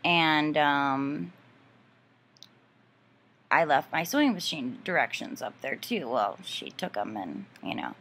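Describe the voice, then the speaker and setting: A woman's voice: deep voice, lively intonation, takes it slowly, creaky, long pauses, a bit bright, slight background noise. A woman vlogger ranting casually about a neighbor, profane, exasperated and rambling with many fillers.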